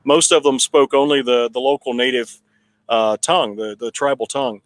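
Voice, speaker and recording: A man in a town hall conversation telling a long personal story in a relaxed, rambling way with frequent restarts. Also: mid-range voice, moderate pace. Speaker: political candidate guest.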